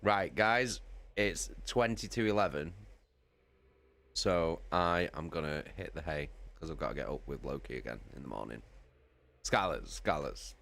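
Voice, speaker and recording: A man's voice: rumbling low, a little slow, fairly bright tone. A man chatting casually with his live-stream viewers, swearing freely and laughing between lines. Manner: sweary, chatty, laughing, greets chat by name. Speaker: livestreamer.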